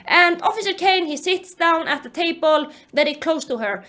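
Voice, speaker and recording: A young woman recapping a book in casual commentary, animated and exasperated, with lots of fillers. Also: very high-pitched, normal speed. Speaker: YouTube commentator.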